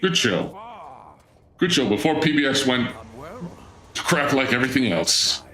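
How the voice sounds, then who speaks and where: A man's voice: mid-range voice, big pitch swings, measured pace, bright, forceful tone. A man hosting a live gameplay stream, bantering playfully with chat and playing up a mock-grand persona. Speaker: streamer, channel host. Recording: roomy echo with game music underneath.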